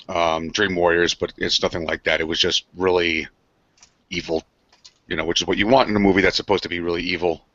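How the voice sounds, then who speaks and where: A man's voice: sits low, sharp tone. A man co-hosting a casual podcast, talking bluntly and crudely about horror movies. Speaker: podcast co-host. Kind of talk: casual chat. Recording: dry, dull lo-fi sound.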